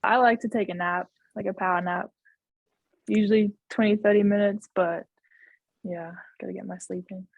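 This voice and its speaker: A gravelly, medium-pitched voice belongs to a young Australian woman, a college basketball player, who chats casually in a video-call interview and laughs between phrases. She speaks at a normal speed with fairly even intonation, over narrow, tinny audio with no echo.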